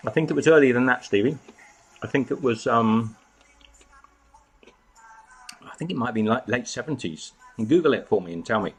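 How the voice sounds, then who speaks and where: A man's voice: mid-range voice, lively intonation, quick pace, slightly rough. A man hosting a casual live chat from home, greeting viewers by name and snacking as he talks. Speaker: live stream host.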